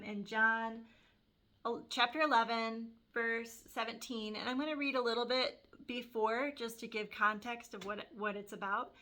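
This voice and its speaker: A woman giving an earnest, reflective faith testimony, pausing often with fillers as she speaks. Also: fairly high pitch, bright, forceful tone. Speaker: Christian vlogger sharing a testimony. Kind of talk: personal faith testimony and scripture reading.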